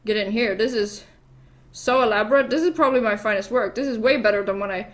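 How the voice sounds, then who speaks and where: A woman's voice: medium pitch, fast, natural voice. Exasperated royal carpenter, woman doing him, near her own voice. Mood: proud. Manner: exasperated, reluctant. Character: weary male royal carpenter, put-upon.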